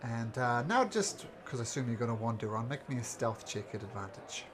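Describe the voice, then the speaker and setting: A man narrating as game master, describing scenes in a relaxed way with fillers. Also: medium pitch, brisk, background noise.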